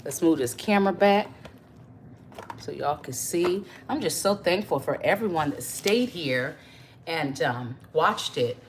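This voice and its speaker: A woman hosting a home cooking video, chatting warmly with viewers and calling them y'all and baby. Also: deep voice, lively intonation, a little slow, slight background noise. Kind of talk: casual cooking demonstration to viewers.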